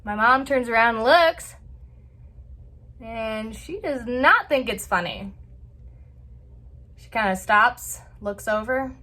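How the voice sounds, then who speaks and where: A woman hosting a vlog, telling a family story in a chatty, animated way with lots of filler words. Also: a little high, slow pace, pauses often. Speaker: vlog host. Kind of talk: casual storytelling.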